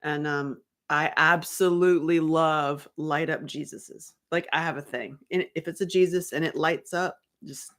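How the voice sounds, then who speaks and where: A chatty woman talks loosely and rambles, her voice sitting a little low. She laughs often as she goes. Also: steady tone, unhurried, hardly any pauses, a bit bright. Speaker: host. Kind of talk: casual chat.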